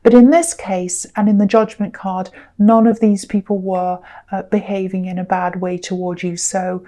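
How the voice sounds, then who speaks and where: Gentle tarot reader woman, mellow voice. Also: medium pitch. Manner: gentle, reassuring, hesitant with many ums. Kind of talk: tarot reading monologue.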